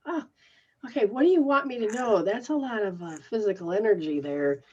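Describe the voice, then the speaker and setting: A woman hosting a call-in show, giving a spiritual reading in a slow, halting way and laughing often. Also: medium pitch, dark tone, husky, dull audio. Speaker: psychic reader, show host.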